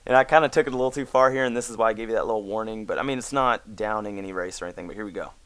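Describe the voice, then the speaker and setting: A man's voice: on the low side, racing, few pauses, fairly bright tone, dry recording. A man hosting a casual gaming video, reading his chat aloud with mock indignation and trailing into mumbles at a desk mic.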